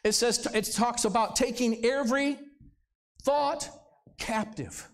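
During a live church service in the sanctuary, a male pastor preaches conversationally, tossing rhetorical questions at the congregation. His voice is very high and his pace slow.

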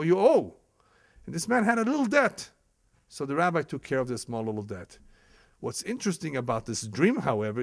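A man's voice: a little high, no room sound, clean studio sound. A man teaching a religious ethics lesson as a rabbi, telling stories with chuckles and Hebrew terms. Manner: lively storytelling, acts out quoted speakers, chuckles often; sprinkles Hebrew terms into English. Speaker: rabbi lecturer.

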